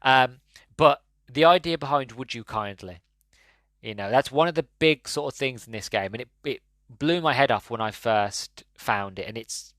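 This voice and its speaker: A man's voice: medium pitch, moderate pace, fairly bright tone, dry recording. A man hosting a podcast, talking casually and enthusiastically about a game, rambling with many restarts. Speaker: podcast host. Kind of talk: casual solo game-review talk.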